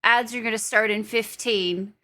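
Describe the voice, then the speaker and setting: A woman's voice: on the high side, steady tone, normal speed, sharp tone. A young adult woman streamer chatting casually with her viewers. She giggles often and swears freely.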